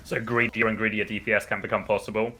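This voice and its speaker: A British man with a bright, forceful voice that sits fairly low, talking loosely and at length as he commentates a live game. He drifts into rambling asides, then jumps up in energy when the action heats up. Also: fast talker, a little hiss or hum. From United Kingdom. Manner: chatty and rambling, with excited bursts on plays. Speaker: esports commentator.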